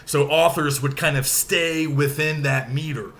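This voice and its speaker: A man lectures in a bright, fairly high voice. He explains slowly and patiently, repeating key points and checking that his students follow. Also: fairly even intonation. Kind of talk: recorded lecture.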